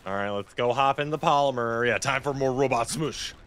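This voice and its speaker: A man's voice: mid-range voice, brisk, fairly bright tone, clear, resonant tone. A man streaming a video game, chatting casually with viewers, swearing freely and laughing often. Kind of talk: casual gameplay commentary.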